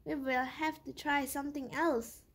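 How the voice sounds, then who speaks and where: A woman voicing a cheerful witch in a storybook reading, with a mild, quiet manner. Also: high-pitched, fairly even intonation, moderate pace. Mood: plain.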